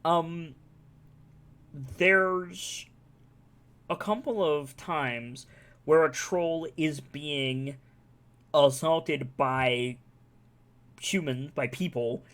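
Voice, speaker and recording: A man's voice: a little high, drawn-out words, pauses often, a bit bright. A man streaming live, talking casually and enthusiastically about a game, rambling and swearing freely. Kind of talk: casual chat.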